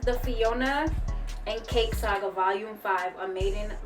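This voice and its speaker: A woman's voice: mid-range voice, a little slow, recorded from a distance, music in the background. A woman beauty vlogger gushing and exclaiming as she unboxes makeup, swearing casually as she goes. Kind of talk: excited unboxing chat.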